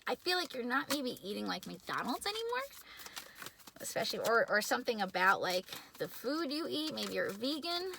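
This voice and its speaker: A young adult woman giving a casual tarot reading indoors, excitable and chatty, shaky and nervous. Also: a little high, moderate pace, vocal fry, a little hiss or hum. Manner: excitable, chatty, many filler words. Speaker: tarot reader.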